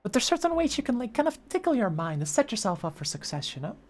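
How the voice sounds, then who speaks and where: A woman's voice: a little high, sing-song, fast. A woman streamer chatting casually, reading chat aloud, with lots of fillers and restarts. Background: faint background music.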